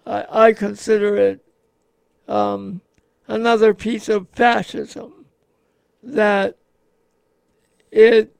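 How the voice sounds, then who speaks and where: A man co-hosting a radio show, talking casually in a slow, halting way with many pauses. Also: high-pitched, creaky, clear, resonant tone, dry recording. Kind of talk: casual on-air chat.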